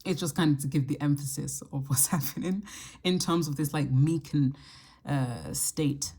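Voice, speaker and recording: A woman hosting her astrology channel, talking casually to camera and thinking aloud in a reflective way, with the odd soft laugh. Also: low voice, moderate pace, vocal fry, slightly rough. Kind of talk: casual solo talk to camera.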